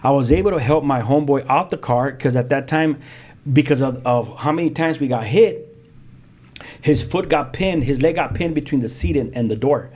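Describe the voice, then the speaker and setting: A man, a pastor telling his own story as a guest in lively, vivid storytelling with street slang and sound effects. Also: mid-range voice, normal speed. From South Central Los Angeles. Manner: frequent restarts, street slang. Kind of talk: animated storytelling.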